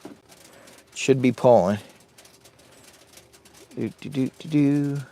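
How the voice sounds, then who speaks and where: In a mid-range voice that's slow and mellow, with a little hiss or hum in the audio, a vlogger rambles through a phone livestream. He's inside a heated tent on a camping trip, chatting away and hyping viewers to like and share.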